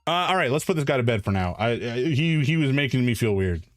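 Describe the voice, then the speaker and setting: A man's voice: medium pitch, animated, fast, dry recording, clean studio sound, soft background music. Rambling, playful male streamer. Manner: rambling, self-deprecating, playful. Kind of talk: casual live-stream chat.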